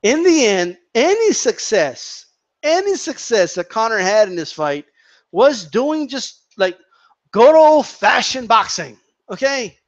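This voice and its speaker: A man's voice: very high voice, big pitch swings, slow. A man giving an opinionated, profane rant as a boxing commentator, repeating and tripping over his words.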